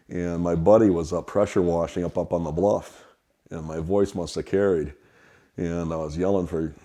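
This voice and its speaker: A middle-aged man from Wisconsin, telling rambling stories about his childhood at the family restaurant. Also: low-pitched. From Wisconsin, USA. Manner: relaxed, rambling anecdotes. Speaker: restaurant kitchen worker. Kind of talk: storytelling interview.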